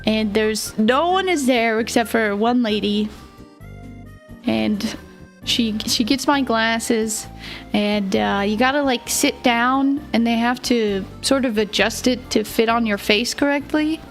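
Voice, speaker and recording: Giggly, slow-talking woman streamer. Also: fairly high pitch, faint music behind. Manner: rambling, giggly storytelling. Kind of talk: casual livestream chat.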